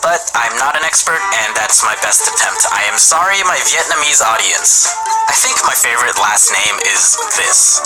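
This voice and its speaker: A man tells a comedy story for an animated video in a playful, joking way, stretching out words for laughs. His pitch leaps up and down constantly as he talks. Music plays clearly in the background. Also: normal speed, rough recording. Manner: playful, jokey, exaggerated pronunciations. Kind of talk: comedic scripted narration.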